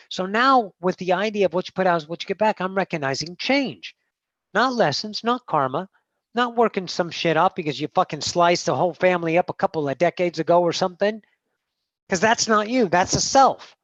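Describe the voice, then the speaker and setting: A woman's voice: on the low side, animated, normal speed, no echo, highs cut off. A woman channeling a spiritual teaching in a blunt, emphatic way, full of swearing, who addresses her listeners as masters. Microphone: video call.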